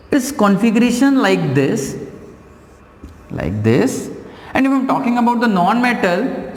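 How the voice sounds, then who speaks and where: A man teaching a science lesson, explaining slowly and repeating key phrases. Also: high voice. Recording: echoey room with long reverb.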